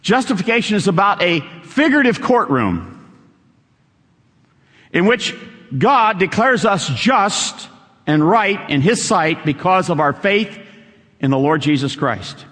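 A man's voice: sits high, very animated, measured pace, fairly bright tone, big-room sound. A man preaching a sermon, quoting scripture and repeating key lines for emphasis.

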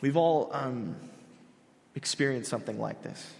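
A man's voice: medium pitch, gravelly, darkish tone. Earnest young man preaching in a hall. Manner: earnest, halting with many restarts. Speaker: pastor. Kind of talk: sermon.

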